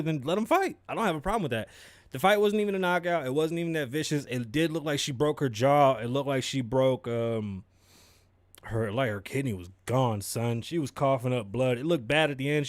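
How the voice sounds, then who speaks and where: A young man hosting a podcast, giving animated, profane sports commentary and mocking people in put-on voices. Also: medium pitch, dry recording. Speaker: podcast host. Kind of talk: casual commentary.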